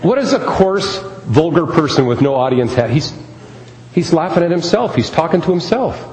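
A man's voice: on the high side, very animated, normal speed, darkish tone. A man preaching a sermon as pastor, speaking emphatically and repeating key phrases. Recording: echoey hall with faint ambience.

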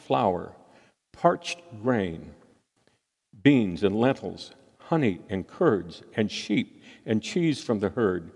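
Gravelly male preacher in a reverberant hall. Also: mid-range voice, a little mellow. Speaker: pastor. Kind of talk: sermon.

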